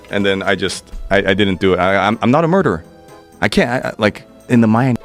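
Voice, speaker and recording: Profane, excitable man telling a story. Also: on the low side, a little fast, faint music behind. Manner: profane, excitable, stammering restarts. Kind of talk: animated personal storytelling.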